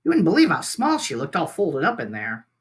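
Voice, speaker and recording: A man's voice: fairly high pitch, huge pitch swings, fairly quick, a bit bright, slightly rough, exaggerated voice. A man reading aloud as a friendly, eager female otter, talking in a bubbly, chatty way.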